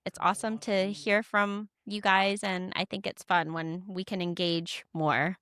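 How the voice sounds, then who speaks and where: A woman's voice: mid-range voice, level tone, unhurried, a bit bright, clean tone, no room sound, studio quality. A young adult woman co-hosting a podcast in candid, casual chat, swearing freely. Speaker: podcast co-host.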